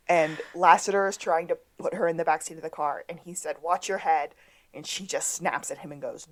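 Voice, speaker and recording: A woman co-hosting a podcast, casually retelling a TV episode and acting out the characters' lines. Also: lowish voice. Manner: storytelling, acts out quotes with drawn-out delivery. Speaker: podcast co-host. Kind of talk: casual episode recap chat.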